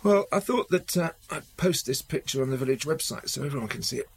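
A man's voice: mid-range voice, expressive, fast, gravelly, husky. An actor playing a friendly, chatty rural family man in a radio drama. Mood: easygoing. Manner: easygoing, chatty.

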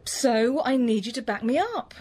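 An actress voices an insistent thirty-year-old woman in a radio drama. Her voice sits high and swings widely, and she presses her point with a pleading edge. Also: animated, moderate pace, a little mellow, lightly acted. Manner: pushy, pleading. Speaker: farmer's daughter, cheese maker.

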